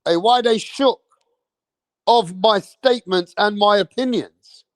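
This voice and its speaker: A man with a high voice and an English accent speaks slowly during a profane livestream rant on the boxing channel he hosts, angry and repetitive throughout. The sound is clean studio audio with no room noise.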